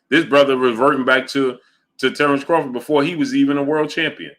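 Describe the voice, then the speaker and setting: A man's voice: medium pitch, steady tone, a little fast, fairly bright tone. A man hosting a boxing livestream, arguing his points emphatically and repeating them while reading out viewer chat messages. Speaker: boxing show host.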